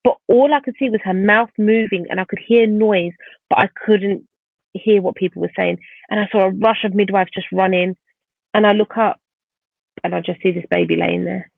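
A woman's voice: mid-range voice, steady tone, normal speed, vocal fry, no room sound. A woman guest vividly retelling a painful personal story in conversation, speaking animatedly. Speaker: podcast guest. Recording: tinny phone-like line.

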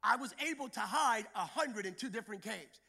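A male pastor preaching a sermon, building to shouted, rhythmic repetition. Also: high voice, expressive, a little fast, vocal fry, breathy edge.

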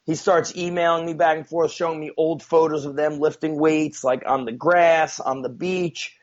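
A man's voice: on the high side, steady tone, moderate pace. Rambling, profane man telling a story. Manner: rambling, profane, many fillers. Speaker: guest. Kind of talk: casual storytelling. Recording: dull lo-fi sound.

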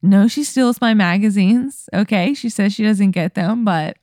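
A woman, a comedian guest, asking deadpan, literal questions in casual chat. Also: medium pitch, measured pace, dry recording, clean studio sound.

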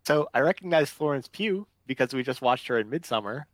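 A man hosts a relaxed podcast conversation with friends. His voice sounds close and dry, with no room echo at all. He rambles, hedges and corrects himself as he goes. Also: mid-range voice, brisk. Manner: rambling, self-correcting, unsure. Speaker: podcast host. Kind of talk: casual chat.

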